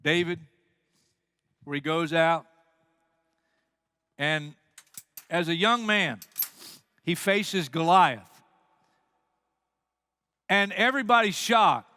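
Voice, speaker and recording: A man's voice: high voice, clear, resonant tone, dry recording. A man preaching a sermon as pastor, telling stories with energy and acting out the quoted lines. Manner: animated storytelling, acts out quotes.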